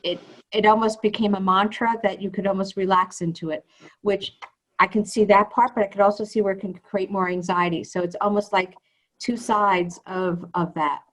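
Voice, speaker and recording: A woman's voice: medium pitch, fairly even intonation, moderate pace, rough recording. A woman on a video call reflects on an exercise, feeling her way toward the right words. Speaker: workshop participant.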